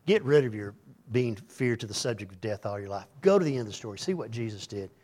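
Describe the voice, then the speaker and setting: A man's voice: on the low side, lively intonation, fast talker, a little mellow. Man preaching in a conversational tone. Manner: conversational preaching, dramatic quoted voices. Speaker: pastor. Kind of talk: sermon.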